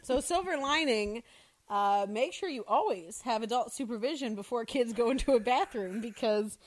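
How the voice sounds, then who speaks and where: Woman, school social worker, casual podcast storytelling, animated, laughs while talking, slightly high voice. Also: normal speed. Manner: animated, laughs while telling stories, acts out kids' shouts.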